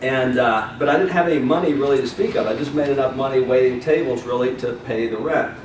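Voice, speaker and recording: Man, Southern accent, motivational speaker, asks the audience questions, mid pitch, echoey room. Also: fast, slight background noise. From Alabama, US. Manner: storytelling, asks the audience questions, tag "right?". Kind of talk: keynote speech to a live audience. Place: large hall with audience. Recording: echoey hall, mic from far off.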